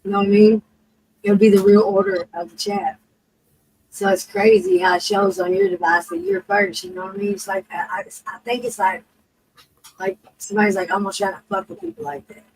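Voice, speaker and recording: A woman chatting casually on a stream, rambling and swearing, with a gravelly edge. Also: medium pitch, sing-song, a little fast, darkish tone, no room sound, low-quality recording. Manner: rambling, swears, many you-know-what-I-means. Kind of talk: casual chat.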